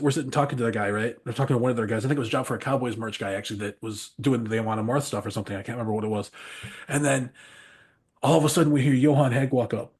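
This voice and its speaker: A man on a podcast telling rambling, animated road stories, laughing often and swearing freely. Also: mid-range voice, breathy edge. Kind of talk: casual storytelling chat.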